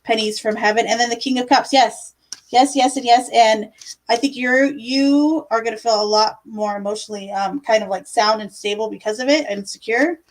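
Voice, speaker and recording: A woman's voice: a little high, normal speed, poor audio. A young woman giving casual tarot readings on a live stream, chatty and full of fillers, calling viewers love and my dear. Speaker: livestream tarot reader.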